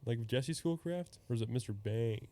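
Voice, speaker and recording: A man's voice: mid-range voice, lively intonation, normal speed, dark tone. A young man hosting a podcast, telling loose stories with lots of laughs and swearing. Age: young adult. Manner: laughing, swearing, rambling storytelling. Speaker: podcast host. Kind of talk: casual chat.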